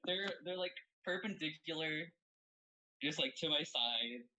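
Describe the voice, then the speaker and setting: A woman's voice: deep voice, measured pace, bright, forceful tone, low-quality recording. A woman playing a tabletop role-playing game, chatting in a rambling, hesitant way. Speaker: player. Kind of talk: casual game chat.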